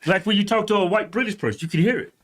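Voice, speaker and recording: A man's voice: sits high, racing, fairly bright tone. A man co-hosting a casual podcast chat, making blunt, emphatic statements. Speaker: podcast co-host.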